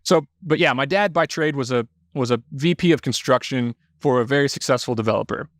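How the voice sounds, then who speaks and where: A man from Indiana, a podcast guest telling stories in a casual, animated way, swearing freely. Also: mid-range voice, brisk, no echo, clean studio sound. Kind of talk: casual storytelling.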